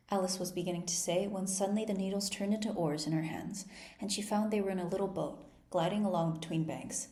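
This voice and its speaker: Gentle woman narrator for children, mellow, roomy sound. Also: mid-range voice, quick pace. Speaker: storybook reader.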